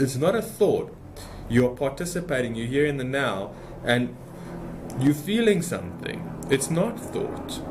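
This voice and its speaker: A man's voice: medium pitch, a little mellow, slight background noise. A man giving an unscripted spiritual talk as a meditation teacher, speaking passionately and emphatically in a rambling way.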